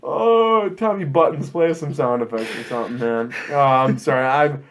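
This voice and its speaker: A man co-hosting a casual church podcast, jokey and animated, often slipping into comic voices. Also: mid-range voice, moderate pace. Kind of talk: casual chat.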